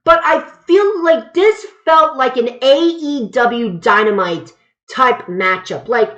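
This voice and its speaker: A woman's voice: sits high, slow pace, a bit bright. A woman giving a casual, opinionated spoken review, rambling and stumbling over her words as she goes. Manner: emphatic and opinionated. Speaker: wrestling reviewer. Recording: slightly dull lo-fi sound.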